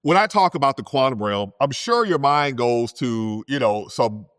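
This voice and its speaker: A man's voice: medium pitch, normal speed, clean tone, dry recording. Chatty physicist man, dry close sound. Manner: conversational, animated, many "you know" and "right?". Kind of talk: storytelling science talk.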